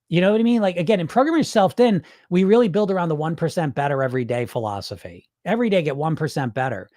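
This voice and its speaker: Male weight loss coach with a swooping, expressive voice, dry close sound, blunt and profane, mocks viewers' excuses. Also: high voice, no room sound. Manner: acts out dieters' excuses in quick voices. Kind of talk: live-stream talk to viewers.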